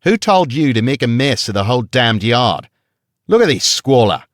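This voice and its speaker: A man reading an audiobook and voicing a huge, vicious male guard with an Australian accent who shouts and sneers. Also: medium pitch, very animated, takes it slowly, no room sound, clean studio sound, pitched above the performer's own voice. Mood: bellowing, contemptuous.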